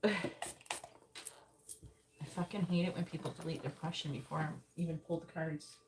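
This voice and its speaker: A woman's voice: low voice, fairly even intonation, normal speed, noisy background. A woman doing a live-stream tarot reading, talking bluntly and swearing often as she explains how to word questions. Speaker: psychic tarot reader.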